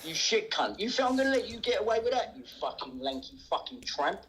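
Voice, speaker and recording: A man's voice: high-pitched, big pitch swings, a little fast, fairly bright tone, slight background noise, poor audio. A man ranting angrily on a livestream, swearing and taunting. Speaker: livestream host. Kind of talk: angry livestream rant.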